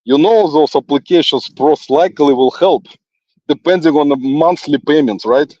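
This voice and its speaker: A man with a non-native English accent rambles on while walking outdoors, teasing an absent critic and chuckling between thoughts. His voice sits a little high, and the sound is dull and lo-fi, dry, with no room around it. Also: moderate pace, darkish tone, dry recording. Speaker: livestream host. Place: outdoors in a forest.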